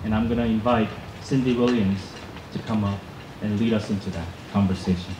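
A man speaking at an outdoor rally, slowly putting rhetorical questions to the crowd before introducing the next speaker. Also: lowish voice, steady tone. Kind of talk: impassioned rally speech. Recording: echoey outdoor PA sound with traffic noise.

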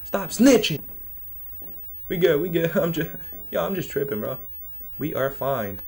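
A man's voice: on the high side, lively intonation, normal speed, gravelly, a little mellow, slightly rough. A young man commentating a horror game, nervous and joking, often laughing and talking to the game and his viewers. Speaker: gaming YouTuber. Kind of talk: horror let's play commentary.

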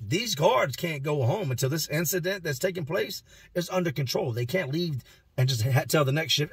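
A man casually telling a first-person story, animated and emphatic, with street slang. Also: medium pitch, fairly quick, slightly rough, dry recording. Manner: animated, acts out the voices in his stories. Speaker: vlogger telling prison stories.

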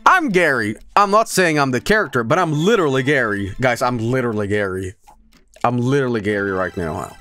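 A man's voice: mid-range voice, animated, fairly quick, sharp tone, soft background music. A man with a Swedish accent, a native Swedish speaker, streaming a game with playful, joking asides. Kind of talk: let's play commentary.

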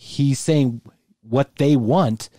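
A man's voice: mid-range voice, extremely slow, mellow, no room sound, studio quality. A man co-hosting a podcast in casual chat, rambling with lots of restarts. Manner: rambling, restarts a lot, mimics the people he talks about. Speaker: podcast co-host.

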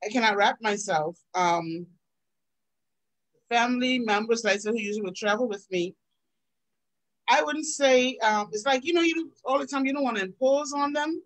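A woman's voice: fairly high pitch, normal speed, pauses often, low-quality recording. A woman hosting a webinar over a video call, effusive and hesitant, with many restarts. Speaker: webinar host.

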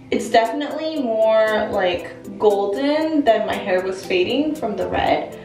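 A woman's voice: mid-range voice, expressive, normal speed, darkish tone, distant mic. A young woman chatting casually in a vlog, bubbly and gushing with frequent exclamations. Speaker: vlogger. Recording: roomy, off-mic, music behind.

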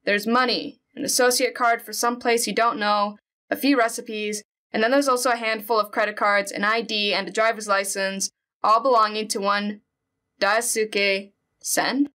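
A woman's voice: mid-range voice, fairly even intonation, normal speed, sharp tone. A woman playing a horror game, reading the story aloud and reacting in a chatty, jumpy way. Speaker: let's play gamer. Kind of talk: let's play commentary, reading game text aloud.

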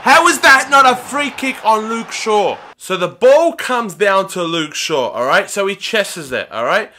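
A young man giving excitable, often shouted commentary while playing a football video game. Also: high-pitched, measured pace. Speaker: gaming YouTuber.

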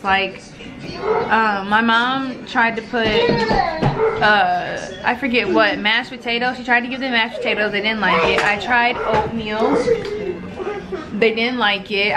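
A young woman vlogging casually at home as a mother, chatting to the camera. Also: fairly high pitch. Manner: chatty, doting baby talk to her sons. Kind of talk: casual vlog chat. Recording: clearly audible background noise.

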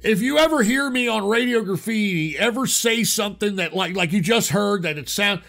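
A man's voice: high voice, lively intonation, moderate pace, vocal fry, fairly bright tone. A man hosting a call-in radio show, ranting in a profane, combative way.

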